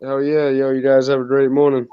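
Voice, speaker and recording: A man's voice: mid-range voice, monotone, fairly quick, smooth, no echo, lo-fi sound. A man guesting on a stream, chatting casually in an easygoing way. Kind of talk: casual chat.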